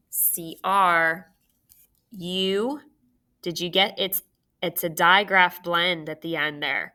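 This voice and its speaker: A woman's voice: lowish voice, steady tone, slow pace, bright, forceful tone. A young woman teaching a recorded phonics lesson for children, patient and encouraging, sounding out words and letters.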